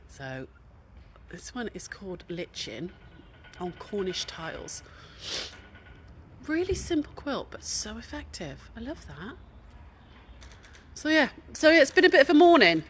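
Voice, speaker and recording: A middle-aged woman chats her way through a show hall, full of gushing asides. She drops into hushed, admiring tones now and then. A faint hum of background noise sits under her voice. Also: mid-range voice. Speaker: craft shop host showing a quilt show. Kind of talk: casual walk-around vlog chat. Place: large indoor exhibition hall.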